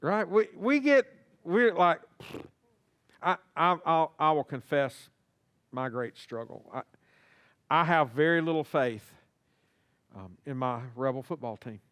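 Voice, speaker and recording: A man's voice: on the high side, expressive, a little slow, pauses often, a bit bright, smooth, dry recording. A male pastor preaching a sermon in a church, talking to the congregation and acting out little dialogues. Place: church sanctuary.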